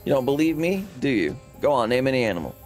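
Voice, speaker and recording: A man's voice: mid-range voice, sing-song, fast talker, a little mellow, voice pushed up, close to an everyday voice. A man voicing an odd, scheming male leather hunter with a British accent, drawling folksy lines and calling people mate over faint game music. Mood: gushing.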